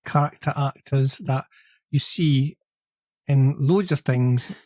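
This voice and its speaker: A man's voice: medium pitch, slow pace, mellow, no echo. A man co-hosting a podcast, chatting casually about films, tentative and often ending his points with a question. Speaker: podcast co-host. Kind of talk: casual film chat.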